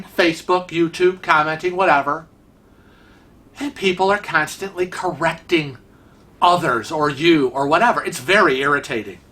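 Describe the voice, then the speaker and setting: A man hosts his vlog with a touch of a Rochester, New York accent. His voice is bright and forward, and he rambles from point to point in a chatty, teasing way. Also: a little high. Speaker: vlog host. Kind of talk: casual vlog commentary.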